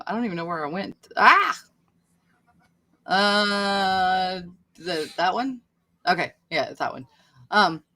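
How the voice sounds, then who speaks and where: A woman co-hosting a casual live stream, chatting and reading aloud, quick to exclaim. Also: medium pitch, a bit bright. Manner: chatty, reacts with laughs and exclamations. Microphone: video call.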